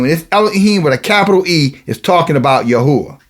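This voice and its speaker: Guy preaching a sermon, pretty high pitched, mocking asides, goes all over the place. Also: expressive, fast talker, hardly any pauses, slightly rough. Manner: emphatic, sarcastic, preaching with asides. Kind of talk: sermon reading and explaining scripture.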